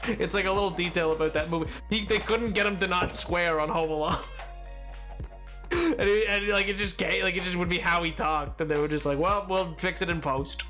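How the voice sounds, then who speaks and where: A man with a high-pitched voice chats loosely while livestreaming a game. He rambles from thought to thought and breaks into laughter often, with faint music playing underneath. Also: a little fast, pushed and bright. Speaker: streamer.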